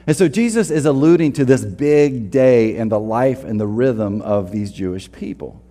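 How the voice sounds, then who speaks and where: A man's voice: mid-range voice, expressive, moderate pace, dark tone, in a large hall. A man preaching a sermon in a casual, earnest way, often restarting his sentences and acting out quotes. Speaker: pastor. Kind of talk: conversational sermon.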